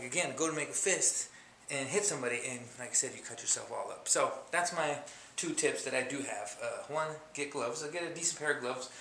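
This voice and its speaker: A man giving a casual, rambling how-to lesson on hitting a punching bag, full of fillers, sometimes talking through bursts of effort, recorded on a camera mic at a distance. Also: mid-range voice. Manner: rambling, loose, full of fillers and "you know". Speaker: amateur fitness instructor. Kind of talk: casual how-to video demonstration. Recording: echoey room with loud clattering noise.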